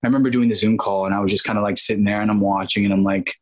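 Male actor guest, thirties, husky and low, animated storyteller. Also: rapid-fire, low-quality recording. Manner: acts out quoted voices, many restarts and asides.

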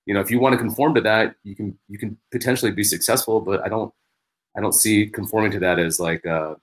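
A male comedian chats as a podcast guest, talking quickly. His voice sits fairly low. He tells stories in an animated way and often restarts his sentences. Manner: animated storyteller, many restarts. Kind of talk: casual podcast chat.

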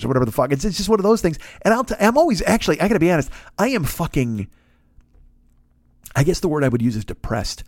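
A man's voice: a little high, big pitch swings, quick pace, dry recording, studio quality. A man, a comedian hosting a podcast, ranting casually and profanely while acting out quotes.

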